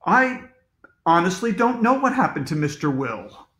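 A mild-mannered school principal, as a man puts him on, gentle and reasonable with a sheepish edge. His voice is fairly high and lively. It is heard in a roomy space. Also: unhurried, exaggerated voice. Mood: reasoning. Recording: roomy echo.

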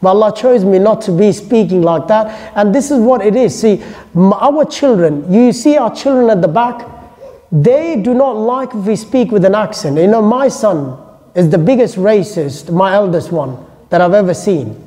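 A man with a high, dark-toned voice and lively intonation gives a casual Islamic lecture to a class, speaking at a moderate pace. A native English speaker, he's chatty and joking, with informal asides. The recording carries a long hall reverb.

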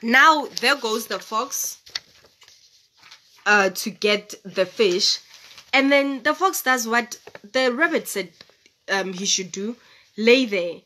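A woman's voice: fairly high pitch, expressive, takes it slowly, pauses often, sharp tone. A young woman reading a children's story aloud and chatting about it. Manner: chatty, explaining.

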